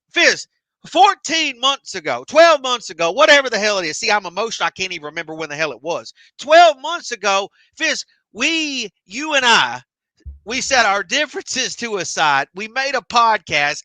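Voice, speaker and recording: A man's voice: high voice, moderate pace, no room sound. A man co-hosting a casual podcast, ranting emotionally with lots of swearing. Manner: emotional, animated ranting with heavy profanity. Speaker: podcast co-host. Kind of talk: heated casual chat.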